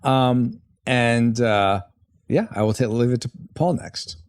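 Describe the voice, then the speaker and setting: A man's voice: mid-range voice, slow pace, smooth. A man hosting a podcast, upbeat, reacting with short remarks and thanking guests. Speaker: podcast host. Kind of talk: casual chat.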